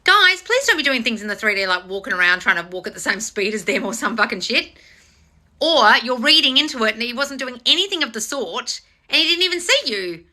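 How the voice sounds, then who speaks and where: A woman coach answers her viewers live in a very bright, lively voice that jumps up and down in pitch. She is blunt and sweary and keeps slipping into mocking voices to tease them. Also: brisk. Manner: animated, teasing, talks straight to viewers. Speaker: manifestation coach hosting a live Q&A.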